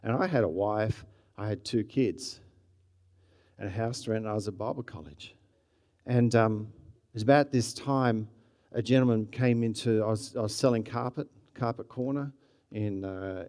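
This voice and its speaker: Preaching in a dark, fairly low voice at a normal speed, a middle-aged Australian pastor keeps his sermon conversational and storytelling. He frequently starts his sentences over, and his energy climbs in bursts at times.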